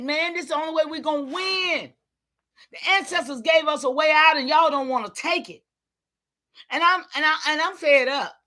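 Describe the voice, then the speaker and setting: A woman giving an impassioned, preachy livestream talk, calling out to her listeners and sometimes shouting in frustration. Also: high voice. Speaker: online community leader.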